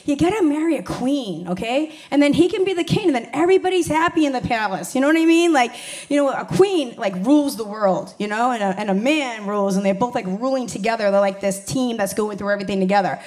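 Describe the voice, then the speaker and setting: A woman in her forties performs stand-up with a high, bright-pitched voice. She talks brashly and bluntly, swearing freely. She is quick to tease. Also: expressive. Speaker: stand-up comedian and bartender. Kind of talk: stand-up comedy set.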